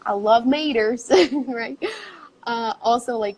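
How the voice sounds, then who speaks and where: A woman's voice: fairly high pitch, slow pace, darkish tone, a little hiss or hum, rough recording. A Brazilian-born woman, a native Portuguese speaker and English teacher, chatting in an interview and laughing often. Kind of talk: casual interview chat.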